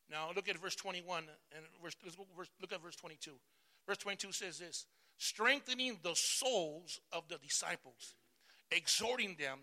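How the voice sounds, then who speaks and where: A man pastor preaching a sermon, calling out to the congregation for responses and swinging between loud bursts and soft asides. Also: sits high. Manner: emphatic call-and-response preaching.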